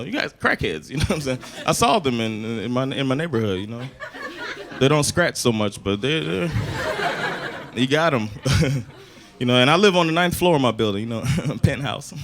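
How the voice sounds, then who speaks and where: An American man performing a loose, conversational stand-up comedy set in a club, switching to loud shouted voices for his acted bits. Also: mid-range voice. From United States. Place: comedy club stage with a laughing audience. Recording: live club recording with audience noise.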